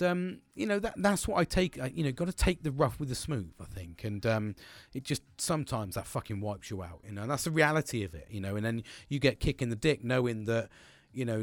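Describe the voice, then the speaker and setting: A man's voice: mid-range voice, no echo. A man talking alone on his podcast in a casual, rambling way, swearing often and restarting his sentences. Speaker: podcast host. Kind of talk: casual personal monologue.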